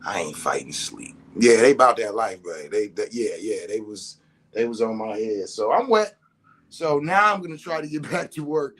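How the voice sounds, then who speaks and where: Laughing, animated storytelling dad. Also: male voice, mid-range voice, moderate pace. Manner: animated, laughing through his words, swearing freely. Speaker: father telling a story. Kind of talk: casual storytelling to camera.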